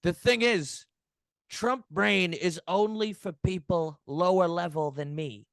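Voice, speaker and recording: A man's voice: high voice, slow, gravelly, fairly bright tone, smooth, no echo, studio quality, heavily acted. A man doing a bragging old president. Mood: boastful. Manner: rambling, repetitive, bragging asides. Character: boastful older male president impression, self-praising. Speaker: podcast host. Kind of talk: comedic improvised interview.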